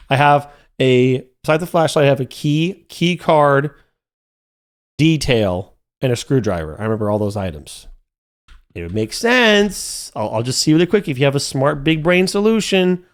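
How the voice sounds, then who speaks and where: A young man commentating his own gameplay live, talking to his chat and growing frustrated, with sudden high yelps. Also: animated, moderate pace. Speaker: streamer playing a horror game.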